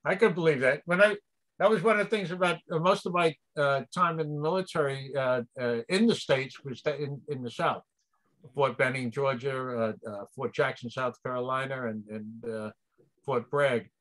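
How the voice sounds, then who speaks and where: A man's voice: medium pitch, moderate pace, a bit bright. An older man with a New York accent, chatting as an interview guest in an easygoing way and chuckling often. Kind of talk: casual interview chat.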